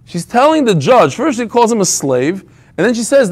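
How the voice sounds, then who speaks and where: A man's voice: high-pitched, sing-song, moderate pace. A man teaching an informal Talmud class, telling the story with humor and frequent restarts.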